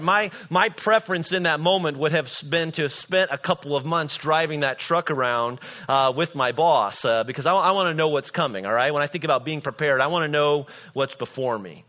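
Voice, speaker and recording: A man's voice: fairly high pitch, bright, forceful tone. A middle-aged man from Illinois, a pastor preaching a sermon in a conversational storytelling way with frequent "all right?" asides.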